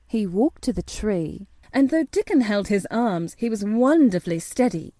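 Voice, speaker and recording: A woman narrating a storybook in a measured, steady reading voice. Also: mid-range voice, no echo. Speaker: audiobook narrator.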